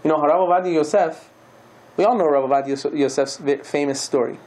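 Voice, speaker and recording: A rabbi giving a sermon, telling a story and acting out the dialogue with lively shifts in voice. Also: male voice, a little high, fast.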